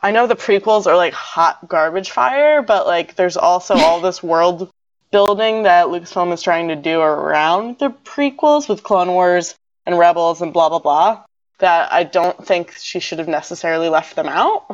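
A woman's voice: fairly low pitch, normal speed. A woman co-hosting a casual podcast, rambling with lots of fillers and poking fun at herself. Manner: rambling, filler-heavy, self-mocking. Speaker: podcast co-host. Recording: dull lo-fi audio.

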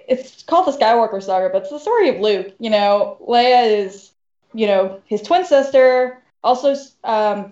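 Animated woman podcast co-host, echoey audio. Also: fairly high pitch. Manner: animated, laughs often. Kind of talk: casual podcast chat. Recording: echoey, dull lo-fi room audio.

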